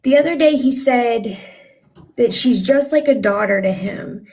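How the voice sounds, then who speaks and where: Woman, gravelly, fairly high voice, indignant, rambling, casual livestream talk. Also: expressive, unhurried, darkish tone. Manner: indignant, rambling, frequent ums. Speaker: guest speaker on a livestream.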